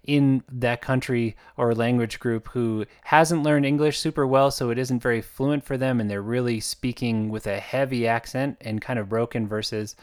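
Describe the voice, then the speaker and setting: A man's voice: medium pitch, steady tone, moderate pace, hardly any pauses, clean tone, no room sound, studio quality. A man who narrates his own audiobooks, talking in a casual, rambling way with frequent fillers and restarts. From United States. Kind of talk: casual spoken monologue.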